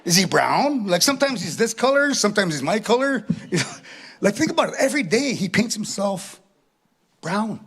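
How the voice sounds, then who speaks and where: A man's voice: high voice, big pitch swings, moderate pace, fairly bright tone, husky. A middle-aged man performing a chatty, self-mocking stand-up comedy set, tagging his lines with "eh". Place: live stage before an audience.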